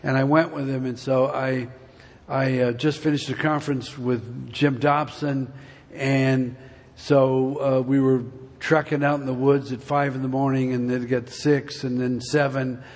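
Husky older man telling a story in church. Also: medium pitch, flat delivery, measured pace. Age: 70s. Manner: folksy, meandering storytelling. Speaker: speaker giving a church testimony. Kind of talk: rambling personal story told to a congregation. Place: church sanctuary. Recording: long reverb of a large hall.

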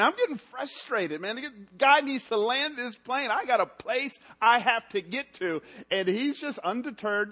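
A man preaching a sermon, telling stories and swinging between loud, lively stretches and hushed, low passages. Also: measured pace, few pauses.

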